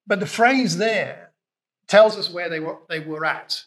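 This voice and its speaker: A man with a British accent preaching a conversational sermon, retelling scripture and acting out lines with lively emphasis. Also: high-pitched, a little slow. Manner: conversational, animated, acts out quotes with raised voice.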